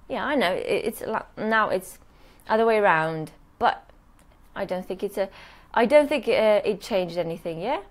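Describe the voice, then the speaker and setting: A woman teaching English pronunciation in a live online workshop, modeling words slowly and checking in with "yes?" after nearly every point. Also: medium pitch, expressive.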